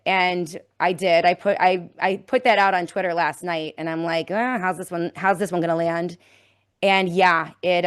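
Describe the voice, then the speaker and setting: A woman's voice: a little high, a bit bright. A woman hosting a live-streamed commentary show, talking in an indignant, sarcastic, rambling way with frequent restarts. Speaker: talk show host.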